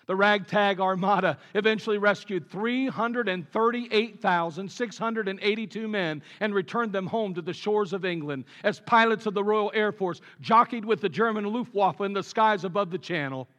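A man preaching a sermon with earnest conviction, dropping low and quiet on his key points. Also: moderate pace, hardly any pauses. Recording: long reverb of a large hall.

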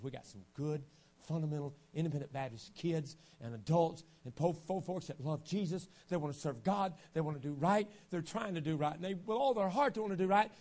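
A man preaching a revival sermon, dropping to a low, hushed storytelling voice and then rising to loud, shouted preaching. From United States. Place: church sanctuary. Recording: archived church recording with faint hum.

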